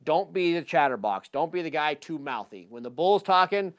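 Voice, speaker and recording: A man presenting a live talk to an audience on a handheld mic, casual and energetic, with lots of fillers. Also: fairly high pitch, moderate pace. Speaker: hunting seminar presenter.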